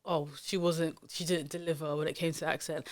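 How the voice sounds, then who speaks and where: A woman's voice: low-pitched, flat delivery, brisk. A woman hosting a casual podcast chat, talking in an opinionated, emphatic way, with plenty of fillers. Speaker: podcast host.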